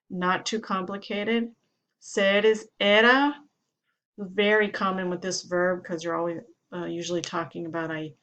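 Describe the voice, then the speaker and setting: A woman Spanish teacher with a mid-range voice gives a steady grammar lesson, following each example sentence with its translation.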